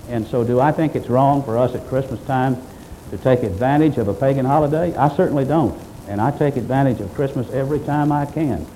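A male pastor delivers a sermon in an emphatic, driving manner, leaning on repeated phrases. His voice is mellow and of middle pitch. Faint noise sits behind it. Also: low-quality recording. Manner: emphatic preaching with repetition.

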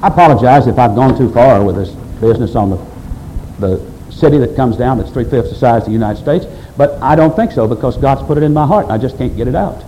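A man's voice: mid-range voice, animated, fast talker, dark tone, a little hiss or hum, low-quality recording. A man preaching a sermon to his church, quoting scripture and pressing his points with emphatic delivery. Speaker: pastor.

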